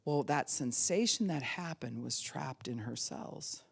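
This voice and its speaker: A woman pastor preaching a sermon in an animated way, laughing often and acting out the voices she quotes. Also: sits low, a little slow, creaky, breathy edge.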